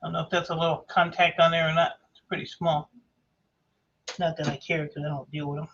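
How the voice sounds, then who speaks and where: Guy scrapping e-waste on a livestream, kinda hoarse, rambly, slightly high raspy voice. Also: level tone, brisk, a bit bright, dull audio. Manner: rambling, offhand, self-mocking. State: hoarse from talking for hours. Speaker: livestreamer taking apart e-waste. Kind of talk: casual livestream chat.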